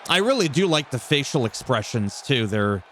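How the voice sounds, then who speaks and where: A man casually commentating a wrestling video game, reacting loudly, laughing often and swearing freely. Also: mid-range voice, very animated, normal speed. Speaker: gameplay commentator.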